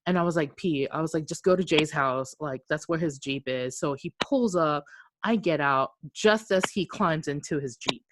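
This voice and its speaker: As a podcast co-host, a woman with a deep, low-pitched voice tells a long story casually and energetically, swearing freely and acting out what each person said. She speaks at a moderate pace against a noisy background.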